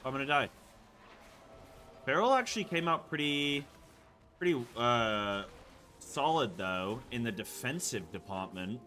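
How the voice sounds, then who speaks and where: A man's voice: medium pitch, expressive, unhurried, pauses often, bright, forceful tone. A man streaming a game, chatting casually and muttering to himself as he picks options. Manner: rambling, mutters to himself while picking options. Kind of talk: casual gameplay chat.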